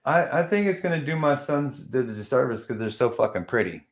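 A young man hosting a casual podcast chat, loud and brash, swearing freely. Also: medium pitch, expressive, brisk. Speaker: podcast host.

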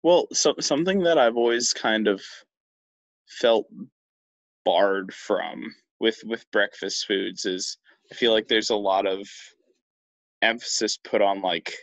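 A young man co-hosting a podcast in casual chat, talking in a slow, halting way with many restarts. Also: on the low side, dry recording. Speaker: podcast co-host.

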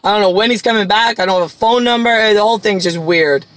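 A woman's voice: medium pitch, fast, dry recording, low-quality recording. A woman in her forties from Long Island, talking in a rambling, profane monologue full of "like" fillers. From Long Island, New York.

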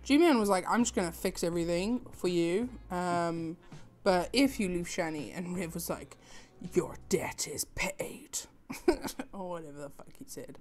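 A woman hosting a reaction video, giving sarcastic, deadpan replies in casual commentary. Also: fairly low pitch, normal speed.

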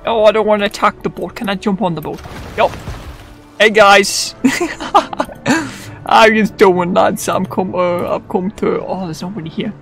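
A young man giving goofy, excitable let's-play commentary, swearing freely and chatting to the characters on screen. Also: high-pitched, moderate pace, vocal fry, soft background music. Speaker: gamer.

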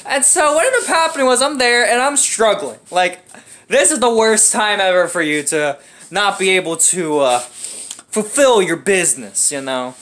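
Brief: young man, casual storyteller, high and sing-song delivery, dramatic and profane. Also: moderate pace. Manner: animated, profane, dramatic with acted-out grunts.

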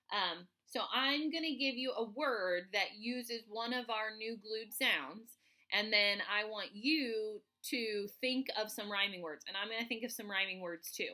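A woman teaching first grade remotely, spelling sight words out slowly, letter by letter, to children. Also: medium pitch, pushed and bright. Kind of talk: remote phonics lesson for children.

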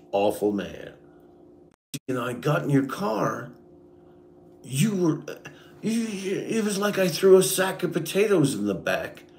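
A man in a bitter, swearing rant aimed at someone who is not there. His pitch swings widely from low mutters to sharp high jabs, and he keeps an unhurried pace. The room gives his voice a noticeable echo. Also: a little hiss or hum. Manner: profane, bitter, speaks straight at an absent person. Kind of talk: angry personal rant. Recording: echoey room.

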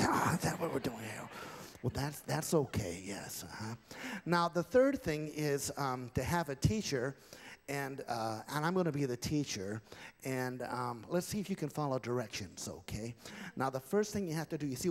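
A man working as a ventriloquist on a live theatre stage, coaching audience volunteers in a coaxing, chatty way full of fillers. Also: mid-range voice. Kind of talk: live comedy stage patter.

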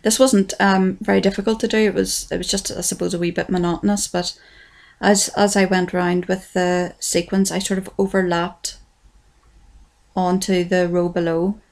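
An Irish woman talks through a craft project in a relaxed, chatty voice-over. Her tone stays level, with little rise and fall. There is a gravelly fry in her voice, and she pokes fun at herself as she goes. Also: on the low side, moderate pace. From Ireland. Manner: chatty and self-deprecating, says "wee" often. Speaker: craft tutorial creator. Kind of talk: casual tutorial voice-over.

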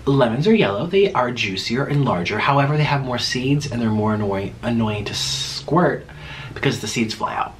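A man's voice: medium pitch, animated, moderate pace, slight background noise. A young man hosting an eating video, chatting and rambling casually with his mouth full. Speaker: mukbang host. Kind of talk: casual chat while eating.

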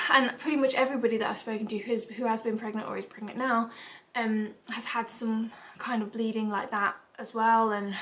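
A woman's voice: on the high side, a bit bright. Chatty British woman, tearful and emotional. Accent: British English. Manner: chatty, rambling with fillers and asides. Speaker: vlogger. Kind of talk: casual confessional vlog.

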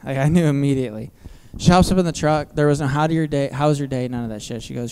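Doing stand-up at a comedy theater, this thirtysomething man delivers crude family stories deadpan and self-mocking into a handheld mic. He has a fairly high pitch and talks fast with few pauses, over a little hiss or hum.

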